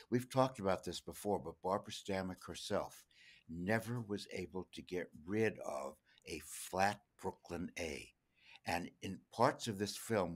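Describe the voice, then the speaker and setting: A man's voice: low voice, fairly bright tone. A man co-hosting a podcast, analyzing a classic film and putting probing questions to his co-host. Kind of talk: casual film discussion.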